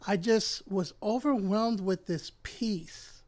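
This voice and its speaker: A man's voice: high-pitched, slow pace, a little mellow. A middle-aged man from Puerto Rico, a church elder and pastor, telling his personal faith testimony in an earnest, heartfelt way that turns emotional at moments.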